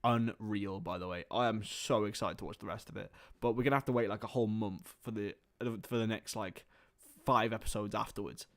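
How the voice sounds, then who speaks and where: A young man hosting a live football watchalong, mixing play-by-play commentary with rambling chatty asides and getting excited on chances. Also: on the low side, a little fast.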